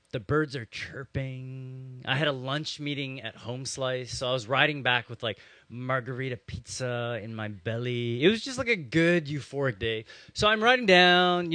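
A young male pastor delivers a sermon in a loose, chatty way, full of "um"s and "like"s as he tells a story. His voice sits at a medium pitch. The sound is close and dry, with no room echo. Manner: conversational, animated storytelling with frequent "um" and "like".

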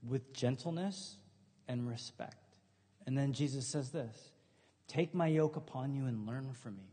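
A middle-aged male pastor gives a sermon with a husky, slightly breathy voice, easy and conversational, throwing in humorous stories. His voice rings out with a long reverb from a large hall. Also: mid-range voice, a little slow, mellow. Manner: conversational, humorous storytelling with acted quotes.

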